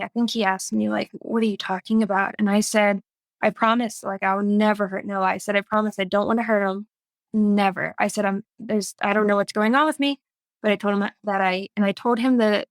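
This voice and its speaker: A woman speaks as a podcast guest, recounting her experience in an earnest, emotional way with plenty of fillers and restarts. Her voice sits at a middle pitch, recorded close and dry with no room sound. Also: no room sound. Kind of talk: personal story in an interview.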